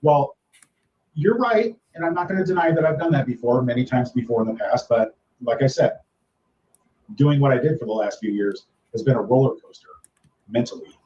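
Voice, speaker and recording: A man's voice: mid-range voice, expressive, brisk, dark tone, echoey room, muffled recording, a little hiss or hum. A man hosting a live stream from the Philippines, rambling casually and greeting his viewers one by one. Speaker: livestream host. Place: home in the Philippines.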